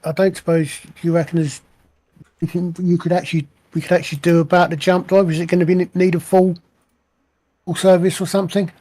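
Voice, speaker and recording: A man's voice: high-pitched, flat delivery, fairly quick, warm tone. A man playing in a tabletop game, chatting casually and hesitantly. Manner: hesitant, restarts often. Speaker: player.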